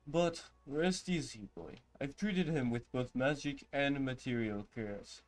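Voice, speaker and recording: A man voicing an old village healer in a game, slow and reassuring. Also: mid-range voice, lightly acted. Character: old village healer trying to sound elderly.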